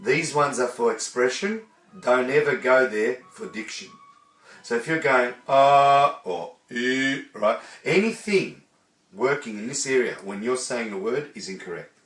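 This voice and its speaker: A man's voice: medium pitch, expressive, moderate pace, fairly bright tone, faint music behind. A man teaching singing, demonstrating vowels and coaching a student. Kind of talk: vocal lesson. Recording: echoey room, voice from a distance.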